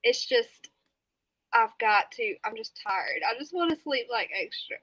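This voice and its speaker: Giggly high-voiced woman streaming late at night. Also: lively intonation, measured pace, pushed and bright, no room sound, poor audio. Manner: giggly, chatty, reads and answers viewer comments; snorting laughs. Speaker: live stream host. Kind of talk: casual late-night live stream chat. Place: home room at night.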